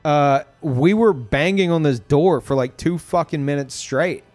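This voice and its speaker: A man streaming a game, ranting in casual commentary, excitable and swearing, laughing as he talks. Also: on the high side, a little slow, faint music behind.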